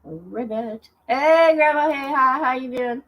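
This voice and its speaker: A woman's voice: mid-range voice, unhurried, highs cut off. A woman hosting a casual livestream, chatting loosely and greeting her viewers by name as she talks. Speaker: livestream host.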